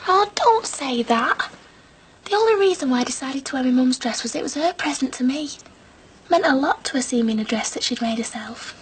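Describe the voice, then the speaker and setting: An actress playing a young bride who apologises and pleads to make peace. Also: female voice, high-pitched, lively intonation, fairly quick, slight background noise. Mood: coaxing.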